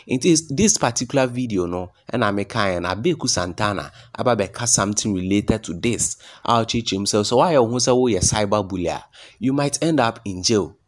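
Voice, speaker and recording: Low-voiced Ghanaian man giving commentary. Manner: conversational, mixes Twi and English. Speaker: gossip channel host.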